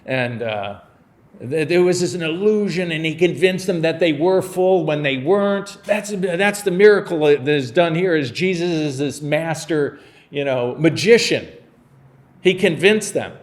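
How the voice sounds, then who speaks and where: A man preaching a sermon, his voice sitting a little higher than most men's. He talks the congregation through a Bible passage like a conversation. He slips into playful, humorous retellings of the scenes. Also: lively intonation, a little slow. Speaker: pastor.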